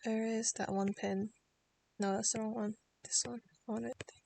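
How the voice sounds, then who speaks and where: A woman's voice: fairly high pitch, little pitch movement, moderate pace, gravelly, darkish tone, slight background noise. A woman streaming from her bedroom, chatting casually while she draws, musing aloud and doubting her own work in half-finished sentences. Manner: musing, self-critical, trailing off.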